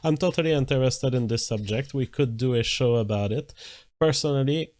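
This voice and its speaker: A man's voice: medium pitch, darkish tone. Man hosting a live-stream talk show. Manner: measured, deliberate, reads viewer comments aloud. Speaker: host.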